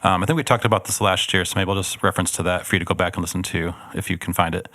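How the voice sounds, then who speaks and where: A man's voice: low voice, fairly even intonation, very fast, pushed and bright, no room sound. A man co-hosting a church podcast, recommending a book series in a loose, rambling way full of ums. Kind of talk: casual book recommendation chat.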